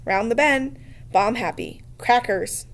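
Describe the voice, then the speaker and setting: A woman voicing a frightened boy leader in a read-aloud novel, speaking tense and clipped, a bit higher and louder than her narration. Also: lively intonation, slow pace, vocal fry, heavily acted. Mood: mocking.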